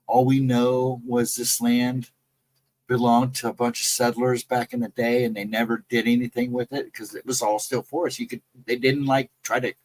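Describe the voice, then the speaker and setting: A man's voice: medium pitch, flat delivery, moderate pace, a little mellow, lightly acted, poor audio. A man doing a plain-spoken campground keeper. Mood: matter-of-fact. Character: matter-of-fact male campground keeper.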